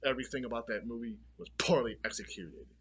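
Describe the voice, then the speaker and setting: Man, movie reviewer, bright edgy tone with a husky rasp; blunt, profane, fed-up rant. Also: mid-range voice, fast talker, muffled recording. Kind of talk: casual ranting review.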